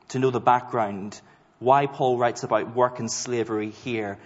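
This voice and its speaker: A man preaching a sermon to a congregation, earnest and emphatic, leaning on slow stressed words. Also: on the low side. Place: church hall. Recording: dull sound with long hall reverb.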